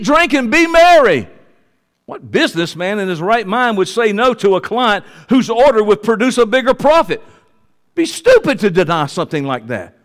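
A man preaching a sermon, swinging from loud preaching to hushed confiding asides in a church sanctuary. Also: high voice. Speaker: pastor. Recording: long hall reverb.

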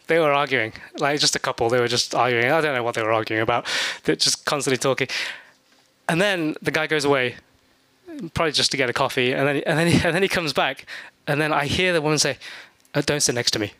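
A man's voice: medium pitch, fast, pushed and bright, no room sound. A man preaching a sermon as pastor, in a conversational way with humorous asides, acting out the people in his stories. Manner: acts out voices in his stories.

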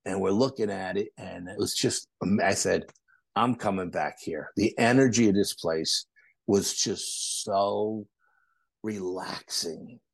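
A man, a podcast guest, telling animated stories in a casual interview and acting out other people's quotes. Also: fairly low pitch, takes it slowly, vocal fry, husky, no echo. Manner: animated anecdotes with acted-out quotes. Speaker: podcast guest, paranormal investigator.

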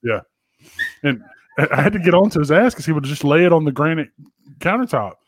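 A man with a somewhat high voice tells rambling, profane stories in loose, joking banter. The sound is dry and close. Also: lively intonation, a little fast, dry recording. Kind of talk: casual chat.

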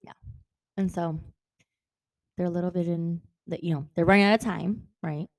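Casting: woman co-host, lowish voice, animated and profane book chatter, dry close sound. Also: normal speed, no room sound. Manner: animated, swears freely, acts out characters' lines. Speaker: podcast co-host. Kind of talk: casual book discussion.

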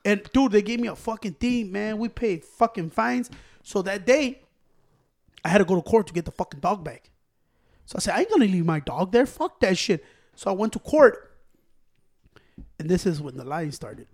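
High-voiced man telling a profane story. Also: normal speed, vocal fry, pauses often. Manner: profane, animated, acts out quotes. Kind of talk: casual storytelling among friends.

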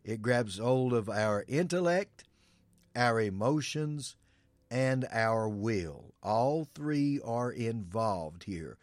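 A man's voice: medium pitch, lively intonation, takes it slowly, no room sound. A male pastor preaching an earnest sermon, reading Bible verses and explaining them to the congregation.

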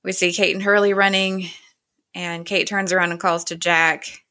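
A woman's voice: fairly low pitch, level tone, moderate pace, sharp tone. A woman casually retelling a TV episode scene by scene, quoting the characters with "he's like" and "she's like". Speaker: show recapper.

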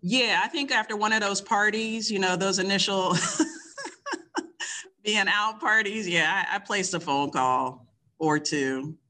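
A candid woman in her fifties, from Kentucky, recounting her own past in an easy, conversational way. Her voice is bright and forceful, and she laughs easily as she talks. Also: mid-range voice, big pitch swings, slow. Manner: candid, laughing, frank and warm. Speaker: guest, the host's mother. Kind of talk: casual storytelling conversation.

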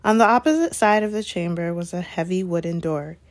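A woman reads a novel aloud in steady, unhurried narration, now and then correcting a slipped word. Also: fairly low pitch. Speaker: reader.

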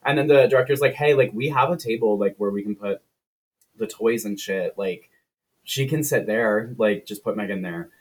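A man's voice: lowish voice, normal speed. A man co-hosting a podcast, retelling a film plot in casual, profane chat and briefly putting on voices for the characters. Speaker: podcast co-host.

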